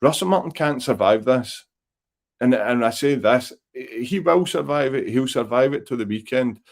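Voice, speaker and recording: A man's voice: medium pitch, normal speed, creaky. A Scottish man hosting a football podcast, giving blunt, exasperated opinions in casual chat over a remote call. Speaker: podcast host. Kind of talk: live football reaction chat.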